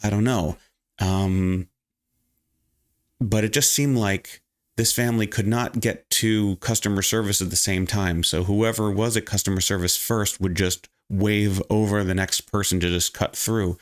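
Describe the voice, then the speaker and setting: A man's voice: on the low side, normal speed. A man vlogging, casually retelling a story and acting out the people in it with a raised voice. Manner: animated, acts out quoted people in raised voice; frequent restarts and fillers.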